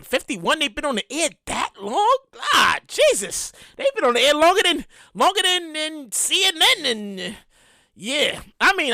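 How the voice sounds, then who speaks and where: Woman podcast host, high lively voice, bright tone, dry close sound, casual profane chatter. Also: no room sound. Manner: animated, profane, repeats herself and acts out quotes. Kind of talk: casual solo podcast commentary.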